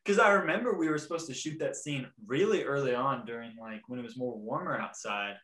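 A man's voice: mid-range voice, fairly quick, a bit bright. A young man hosting a podcast in casual chat, rambling, laughing and trying out impressions. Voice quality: describes own voice as weaselly. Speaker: podcast host. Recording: echoey room.

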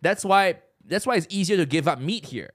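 Podcast host, young adult man from Asia, provocative comic chat, pitch a touch high, lively swings. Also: brisk. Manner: joking, provocative, laughs often. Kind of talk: casual chat.

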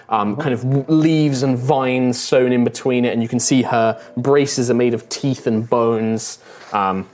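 A man's voice: mid-range voice, a little mellow. A man narrating a tabletop game as game master, casual and hesitant.

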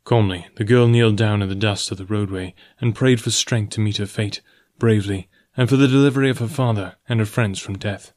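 A man narrating a classic adventure novel in a measured, even storytelling voice. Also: on the low side, no room sound, clean studio sound. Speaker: audiobook narrator. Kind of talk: scripted narration.

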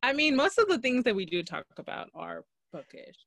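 A young woman co-hosting a podcast in casual chat, telling stories quickly and animatedly with frequent fillers. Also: fairly high pitch, sing-song, gravelly, a bit bright, no room sound. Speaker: podcast co-host.

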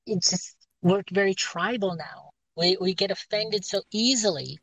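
A woman's voice: mid-range voice, a little slow, creaky, dry recording, rough recording. A woman guest in a casual podcast chat. She is friendly, agrees readily and laughs often. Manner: warm, agreeable, laughs easily. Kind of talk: casual conversation.

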